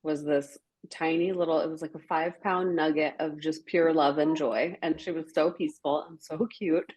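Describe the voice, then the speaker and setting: A woman's voice: sits low, steady tone, moderate pace, a little mellow, husky. A woman podcast host, chatting casually with many fillers and frequent laughs. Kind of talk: casual chat.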